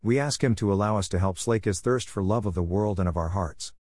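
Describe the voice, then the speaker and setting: Earnest man reading with a low, dry voice. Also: a little mellow, no room sound. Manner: measured, earnest delivery. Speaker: reader. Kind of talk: reading a devotional essay aloud.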